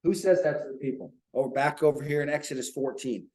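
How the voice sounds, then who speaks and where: A man's voice: medium pitch, a little fast, mellow, poor audio. A man leading an informal Bible study for a small group, talking earnestly and checking in with rhetorical questions.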